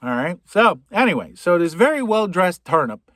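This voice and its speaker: A man's voice: high voice, sing-song, normal speed, fairly bright tone, dry recording, studio quality. A man with a Boston accent doing a comedic, profane movie recap, full of sarcastic asides. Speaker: podcast host.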